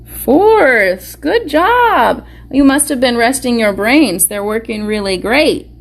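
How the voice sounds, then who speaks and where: Slow, encouraging woman teaching phonics. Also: on the high side. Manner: slow, encouraging, sounds words out carefully. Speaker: preschool teacher. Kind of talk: online phonics lesson for young children. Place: school or home classroom, live stream.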